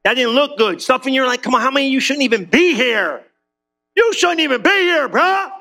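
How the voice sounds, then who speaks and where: A high-pitched, gravelly male pastor preaching with bright, forceful energy. Middle-aged, he jokes and keeps calling out to the congregation. His delivery is animated and playful. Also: a little fast. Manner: animated, joking, calls out to the congregation. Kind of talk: sermon.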